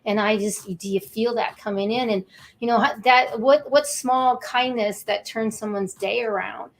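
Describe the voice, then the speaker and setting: A woman's voice: fairly high pitch, moderate pace, a little hiss or hum, poor audio. A woman co-hosting a talk show, counseling-minded, speaking emotionally with repeated words and heartfelt emphasis.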